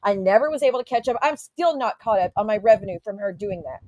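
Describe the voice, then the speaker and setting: A woman's voice: medium pitch, lively intonation, fast talker, a little mellow, no room sound, highs cut off. A woman livestreamer ranting to her chat in an indignant, profane, casual way. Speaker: YouTube livestreamer.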